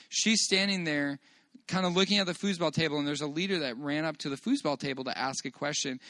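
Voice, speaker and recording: A man speaking in a somewhat high voice, recorded close and dry. He gives an earnest, halting personal testimony to a church congregation, often restarting his phrases and giving praise to God. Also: bright, forceful tone, no room sound. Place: church meeting room.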